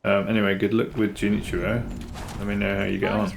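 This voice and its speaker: Low-voiced british guy streaming a game, chill dry chatter with chat, lots of clicky mouse noise behind. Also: flat delivery, creaky. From Britain. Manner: unhurried, chatty, answers chat with dry humour. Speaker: live streamer. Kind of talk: casual live gameplay commentary.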